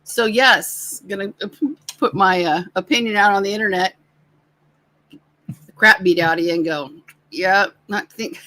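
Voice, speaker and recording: A middle-aged woman co-hosts a relaxed livestream chat, teasing her partner and laughing often. Her voice is bright and forward. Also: mid-range voice, a little slow, pauses often, low-quality recording. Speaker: co-host.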